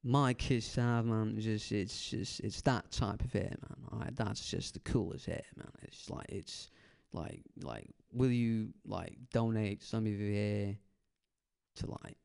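A man's voice: lowish voice, a little slow, gravelly, a little mellow, clear, resonant tone. A man in his twenties doing stand-up crowd work on a club stage, with a laid-back, rambling drawl that trails off and keeps tacking on "man". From San Francisco Bay Area. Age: 20s.

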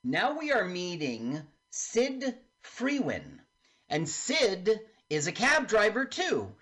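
A radio host talking a listener through a film, lively and slipping into mock accents for the characters. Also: medium pitch, slow pace, husky. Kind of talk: casual radio talk with film commentary.

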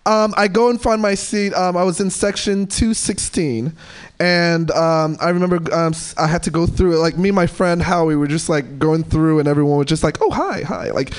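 A man's voice: on the high side, steady tone, moderate pace, clear, resonant tone. A male comedian from New York telling a rambling stand-up story full of fillers.

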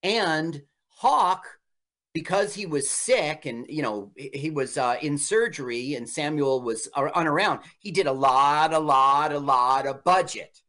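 A man's voice: a little high, a little slow. A man co-hosting a casual chat while watching an old movie, explaining its history and now and then putting on voices for characters. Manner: lively, puts on old-timey voices for characters. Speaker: podcast co-host.

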